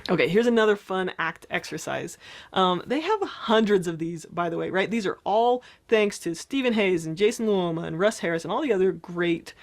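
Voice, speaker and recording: A woman's voice: lowish voice, lively intonation, normal speed. Chatty woman therapist explaining techniques. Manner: conversational, often checks in with "right?". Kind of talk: casual explanatory talk.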